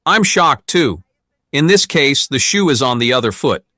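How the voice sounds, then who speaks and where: A man's voice: medium pitch, sing-song, normal speed, pushed and bright, no echo, studio quality. A man giving emphatic reaction commentary.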